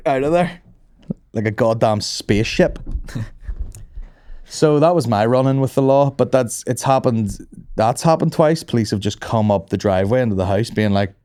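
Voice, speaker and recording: A man, a comedy podcast host telling stories in a profane, animated way and acting out the other voices. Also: mid-range voice, normal speed, dry recording, clean studio sound. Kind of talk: casual storytelling chat.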